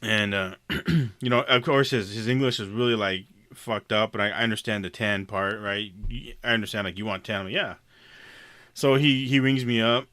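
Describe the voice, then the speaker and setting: A man with a bright, forceful voice tells a rambling story in casual chat. He swears freely and laughs a lot along the way. The recording is dry and close. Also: on the low side, normal speed, no echo. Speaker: podcast co-host.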